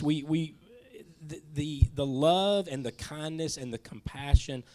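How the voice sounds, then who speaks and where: A man leading a Bible class discussion in a church classroom. His voice is mid-pitched, and he talks casually and kindly, often restarting his words. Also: a little mellow. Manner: casual, stumbling restarts, friendly.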